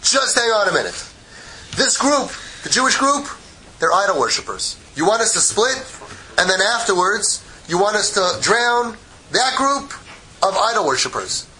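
A man voicing a fussy male angel who pleads and protests like a bureaucrat, speaking higher than his usual voice. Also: sing-song, normal speed, pushed and bright, slight background noise, full character voice, poor audio. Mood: protesting.

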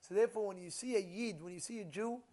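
A male rabbi tells a story in a sermon, his voice sitting very high for a man. He acts out the people in it with loud, animated bursts, then sinks back to a low murmur. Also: quick pace. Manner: drops to a low murmur between outbursts.

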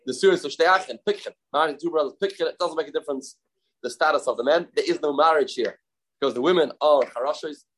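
A man leading a daily Talmud class, his voice sitting a little higher than most men's. He explains quickly, drops in Aramaic terms and often restarts his sentences as he works through the passage. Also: slightly rough, low-quality recording. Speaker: Talmud teacher.

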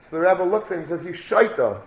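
High-voiced man preaching through stories. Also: racing, a little mellow. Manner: repetitive, builds to emphatic declarations. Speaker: religious speaker. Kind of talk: storytelling sermon. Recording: echoey room.

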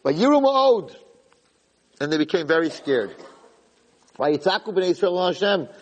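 A man giving a Torah class, retelling the story with lively, dramatic quotes. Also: fairly high pitch, normal speed, in a large hall, rough recording. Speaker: Torah teacher.

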